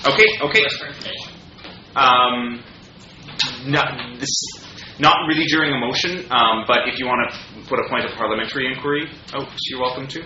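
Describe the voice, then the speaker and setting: A man's voice: medium pitch, moderate pace, pushed and bright. A man chairing a student council meeting, procedural with many fillers and restarts. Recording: roomy, dull, noisy meeting room.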